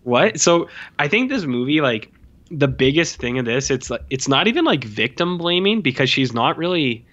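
A man's voice: a little high, normal speed, highs cut off. A man co-hosting a casual film review podcast. He rambles through scenes, packing his talk with "like" and "uh" fillers. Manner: rambling, heavy use of "like" and "uh" fillers; animated retelling of scenes. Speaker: podcast co-host.

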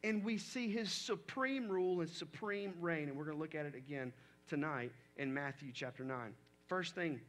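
A man's voice: a little high, a bit bright, a little hiss or hum. A male pastor preaching a sermon in a conversational way, reading scripture aloud and talking it through.

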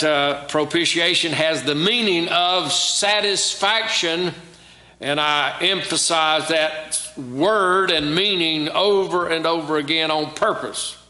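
Bright-voiced pastor preaching, echoey church. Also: male voice, fairly high pitch. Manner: preaching with call-and-response questions to the congregation. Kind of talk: sermon. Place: church sanctuary.

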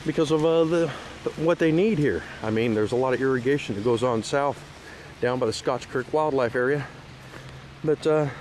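A man's voice: mid-range voice, normal speed, a little mellow, slight background noise. Rambling emotional man on an outdoor tour. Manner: rambling, hesitant with many fillers, turning heated and preachy. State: emotional, teary at times. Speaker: vlogger giving a park tour. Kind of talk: casual one-take outdoor vlog talk. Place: outdoors at a lakeside state park.

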